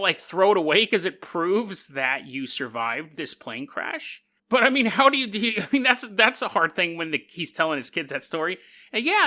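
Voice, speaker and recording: A man hosting a podcast, telling stories in a casual, joking way, laughing often and putting on quick voices for the people in them. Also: high-pitched, bright, forceful tone. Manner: laughs often mid-sentence. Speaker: podcast host. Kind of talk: casual storytelling monologue.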